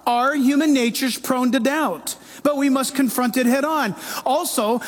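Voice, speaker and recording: A man pastor preaching a sermon in an animated way, acting out quoted voices. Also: very high-pitched, measured pace, hardly any pauses.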